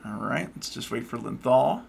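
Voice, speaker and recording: A man hosting a co-op game stream, talking loudly and cheerfully with his players. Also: mid-range voice, moderate pace, vocal fry, a little hiss or hum. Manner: loud and lively, says so himself. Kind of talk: casual live-stream chat.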